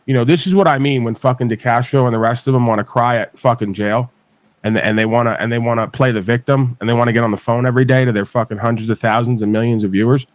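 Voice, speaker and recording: A man's voice: medium pitch, fairly even intonation, fast talker, no echo. A man from New York hosting a live stream, talking emphatically with frequent swearing and ranting. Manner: profane, emphatic, rants. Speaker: livestream host.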